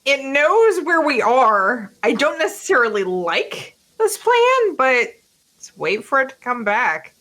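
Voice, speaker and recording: Lively woman playing a tabletop game. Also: high voice, takes it slowly. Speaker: player. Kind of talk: tabletop roleplay chat.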